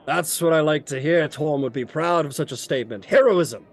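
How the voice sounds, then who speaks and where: A man's voice: on the high side, moderate pace, faint music behind. A man voicing a boisterous, burly male knight who loves drinking and brawling, hearty and boastful in speech. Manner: hearty and boastful, loud jovial taunts.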